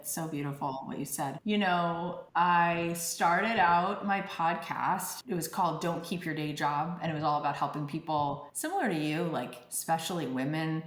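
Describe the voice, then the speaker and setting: A woman guest on a podcast talks in an effusive, reflective way, with many likes and restarts. Her voice sits fairly low for a woman, and the recording has a roomy echo. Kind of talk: casual interview chat.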